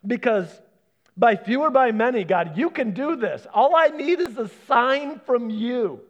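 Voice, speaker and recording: A man preaching a sermon as pastor, animated, acting out the voices he quotes. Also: very high voice, measured pace, lo-fi sound.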